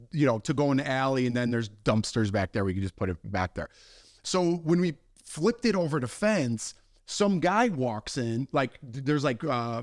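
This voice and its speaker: A young man co-hosting a podcast, telling a story with lively acted-out voices and frequent laughs. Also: a little high, no echo, clean studio sound. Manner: animated storyteller, acts out voices, laughs often. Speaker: podcast co-host. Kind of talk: casual storytelling chat.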